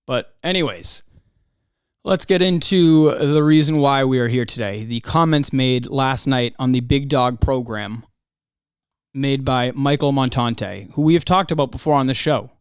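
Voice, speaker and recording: A man's voice: mid-range voice, a little slow, smooth, dry recording, clean studio sound. A young man hosting a solo podcast, ranting in a heated, profane way. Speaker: podcast host. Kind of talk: angry solo podcast rant.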